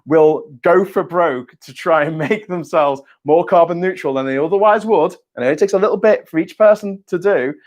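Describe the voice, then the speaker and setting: Jokey rambling man, higher voice. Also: normal speed, few pauses, darkish tone. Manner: rambling and jokey, self-mocking asides, swears casually; frequent restarts and stammered repeats. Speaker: vlogger. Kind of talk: casual solo talk on news and politics.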